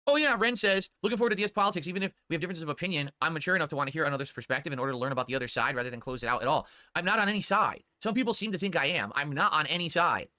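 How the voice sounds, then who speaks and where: A man's voice: on the high side, animated, rapid-fire, few pauses, bright, forceful tone, no echo, studio quality. A man streaming live, chatting casually and answering viewer tips in a rambling way that repeats itself. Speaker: livestreamer.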